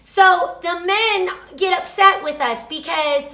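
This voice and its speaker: Gushy woman chatting live to viewers from her kitchen, bright tense voice, echoey room. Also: very high voice, slow pace. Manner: excitable and gushing, reads out viewer comments. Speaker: cooking show host selling products. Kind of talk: live casual chat to viewers. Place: home kitchen. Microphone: camera mic, moves off camera at times.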